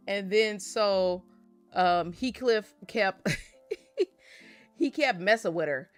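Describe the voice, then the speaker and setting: A woman's voice: mid-range voice, expressive, slow pace, pauses often, soft background music. A young adult woman vlogger chatting casually and laughing often while opening card packs.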